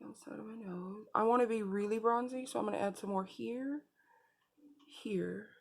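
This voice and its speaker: A woman's voice: fairly high pitch, steady tone, a little fast. A woman beauty vlogger talking viewers through a makeup tutorial in a casual, chatty way, speaking straight to them.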